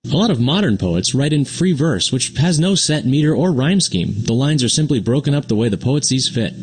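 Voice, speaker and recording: Animated and brisk, a man's husky mid-range voice plays an upbeat young cartoon explainer teaching poetry fundamentals in scripted narration. He keeps his explanations simple and talks back to an unheard sidekick.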